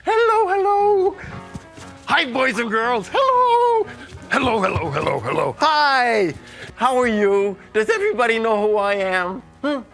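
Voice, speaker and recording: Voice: mid-range voice, sing-song, measured pace, music in the background. An actor playing a big, friendly, silly wolf who chats playfully with the children in a live stage show. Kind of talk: live children's theatre, talking to the audience. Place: theatre stage with a live audience.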